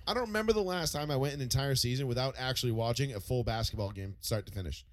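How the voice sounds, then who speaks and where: A man's voice: medium pitch, fast, dry recording. A man hosting sports talk radio, running the segment and reading out the call-in number in a rambling, conversational way.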